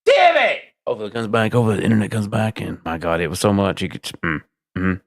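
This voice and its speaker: A man hosting a live-stream podcast, loud and exasperated, swearing and swinging between shouts and low mutters. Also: sing-song, fast talker. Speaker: livestream podcast host.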